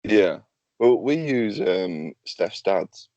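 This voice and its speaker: A man's voice: lowish voice, big pitch swings, drawn-out words, mellow, dry recording, highs cut off. A man hosting a casual podcast chat, loose, sweary and joking. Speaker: podcast host.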